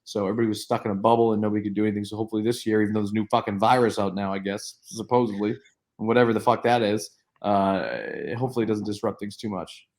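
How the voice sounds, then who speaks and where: A man's voice: on the low side, level tone, very fast, darkish tone. A man who is a guest on a casual podcast, talking brashly and bluntly with lots of swearing. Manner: brash and profane, blunt advice.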